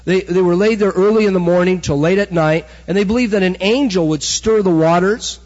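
Preacher, male, middle-aged, fairly high and a bit husky, dull lo-fi sound. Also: fairly quick. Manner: animated storytelling preacher, acts out quotes. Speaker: pastor. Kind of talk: sermon. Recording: dull recording with hall echo.

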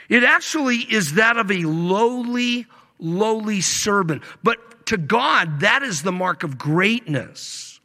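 A male pastor delivering a sermon, stretching key words slowly and swinging between loud emphasis and hushed asides. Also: high voice. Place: church sanctuary. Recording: long reverb of a large hall.

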